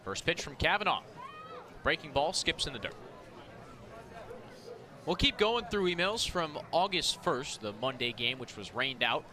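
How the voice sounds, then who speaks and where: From an outdoor ballpark broadcast booth, an excitable play-by-play announcer rapidly calls each baseball pitch, rising to shouts on the big plays. The ballpark crowd can be heard behind him.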